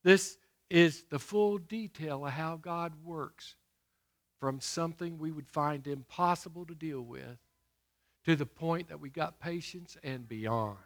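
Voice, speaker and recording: A middle-aged man preaching a sermon, emphatic, throwing questions to his listeners and slowing to stress scripture. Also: on the high side.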